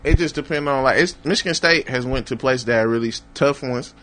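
A man co-hosting a casual chat, animated and profane, laughing often. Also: medium pitch, fairly quick. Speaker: podcast co-host.

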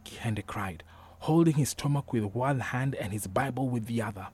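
A man reading a novel aloud as a narrator, measured and unhurried, sometimes dropping to a whisper. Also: medium pitch, darkish tone, breathy edge. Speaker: audiobook narrator. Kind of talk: scripted narration.

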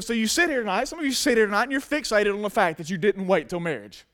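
A pastor preaches in a casual, emphatic way. His voice sits very high for a man. He addresses a congregation directly in a sermon. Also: quick pace, hardly any pauses, fairly bright tone.

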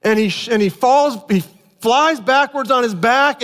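A man preaching a sermon, telling a family story with animated outbursts and earnest explanation. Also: very high voice, a little slow. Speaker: pastor. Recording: long hall reverb.

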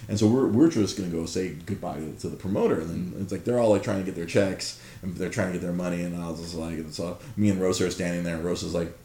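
A man telling a story in casual chat, animated and profane, laughing often. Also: low voice, quick pace, few pauses. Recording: roomy echo.

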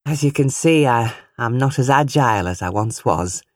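A dignified older lady, voiced by a woman narrator, wry and warmly teasing. Her speech rises and falls with animation. Close, dry audiobook sound. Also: very deep voice, lively intonation, normal speed, no room sound. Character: older widowed mother, warm and mischievous.

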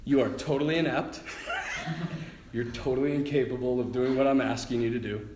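A man voicing God the Father as a quiet, tender, matter-of-fact fatherly presence. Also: medium pitch, steady tone, fairly quick, roomy sound, background noise, voice pushed down, natural voice. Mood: gentle.

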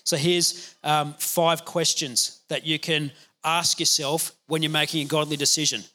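A man pastor giving a conversational, energetic sermon, laughing now and then. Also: on the high side, a little slow.

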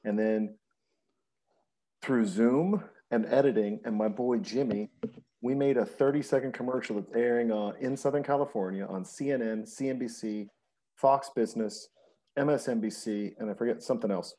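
A man's voice: medium pitch, normal speed, warm tone. An American man co-hosting a casual podcast, telling stories in an enthusiastic, rambling way. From United States. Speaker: podcast co-host. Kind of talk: casual chat.

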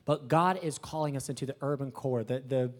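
A young man, a new pastor, giving an emotional and excited testimony to a congregation, talking casually and swinging from soft to shouting. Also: medium pitch, a little fast. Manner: casual slang, breathless excitement. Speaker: young pastor planting a church.

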